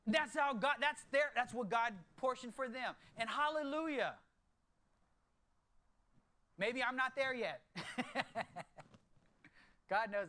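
A man in his thirties preaching a sermon to his church, moving from hushed, earnest low tones to excited bursts. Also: measured pace, long pauses. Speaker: pastor.

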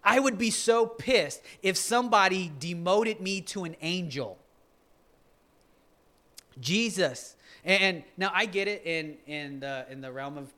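A man's voice: a little high, sharp tone. A male pastor preaching in a loose, joking way, often restarting his sentences. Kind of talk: conversational sermon.

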